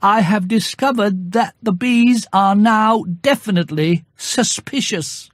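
A reader voicing Winnie the Pooh, a gentle, anxious, honey-loving teddy bear, talking in a slow, earnest, musing way. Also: medium pitch, dry recording, clean studio sound, pitched above the performer's own voice, lightly acted.

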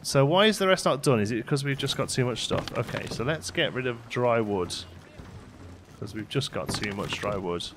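A man's voice: medium pitch, expressive, normal speed, noisy background. A man hosting a let's play, chatting casually as he plays and talking to his game characters. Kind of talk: casual gameplay commentary. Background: faint game music.

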